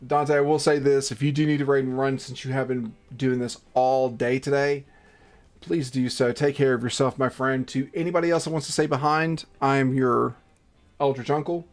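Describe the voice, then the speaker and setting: A man's voice: mid-range voice, flat delivery, normal speed, soft background music. Joking, cursing male streamer. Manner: jokey, swears a lot, theatrical outbursts. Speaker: streamer narrating a game. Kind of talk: casual live-stream chat and game narration.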